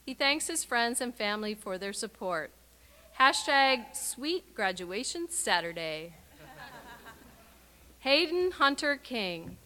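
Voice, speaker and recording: Bright-voiced woman announcing graduates. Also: fairly high pitch, big pitch swings, slow. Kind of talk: reading graduate names and messages. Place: university graduation ceremony.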